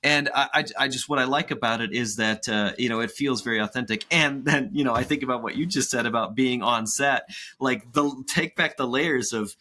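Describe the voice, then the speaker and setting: A man's voice: medium pitch, brisk, a little hiss or hum. A man in his thirties co-hosting a casual podcast chat, telling stories and acting out quotes. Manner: animated storytelling with acted-out quotes. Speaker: podcast co-host.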